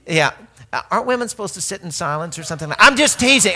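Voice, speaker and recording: A man, from Arkansas, preaching through a funny story about himself. His voice sits a little high and sounds bright and forceful. He jokes with the listeners and trips over his words, restarting often. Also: fast. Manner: animated, joking, self-mocking, with many restarts. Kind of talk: humorous storytelling sermon.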